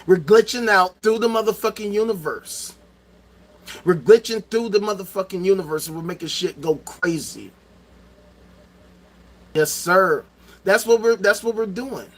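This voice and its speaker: A middle-aged man talking to his viewers in a loud, profane, repetitive rant with plenty of rhetorical questions. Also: sits high, expressive, measured pace, long pauses. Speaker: streamer. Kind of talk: ranting livestream monologue.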